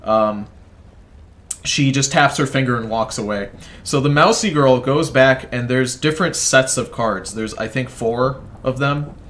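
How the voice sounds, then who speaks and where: A man's voice: medium pitch, a bit bright, a little hiss or hum. A man telling a rambling, profane story in casual chat while he plays a video game, often breaking off to comment on it. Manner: rambling, profane, self-interrupting. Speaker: gaming video creator. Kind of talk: casual storytelling over gameplay.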